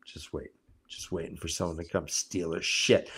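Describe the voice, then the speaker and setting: A man co-hosting a casual book-club show, recapping chapters with animated storytelling and jumping into high mocking character voices. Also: normal speed, slightly rough. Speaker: podcast co-host recapping chapters.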